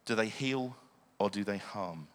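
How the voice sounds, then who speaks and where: A man's voice: fairly low pitch, a little slow, fairly bright tone. A man preaching a sermon, earnest, often asking the listeners questions. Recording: long hall reverb.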